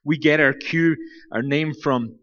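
Wry preacher in a reverberant hall. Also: male voice, fairly high pitch, unhurried, fairly bright tone. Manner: wry, self-mocking storyteller. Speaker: guest preacher from a church planting network. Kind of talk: humorous sermon. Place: church. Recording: dull recording in a reverberant hall.

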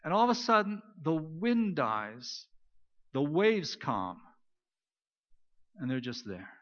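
A man's voice: a little high, sing-song, slow pace. Man preaching a storytelling sermon. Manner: storytelling, swings between loud emphasis and near-whispered quiet. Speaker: pastor. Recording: dull lo-fi recording.

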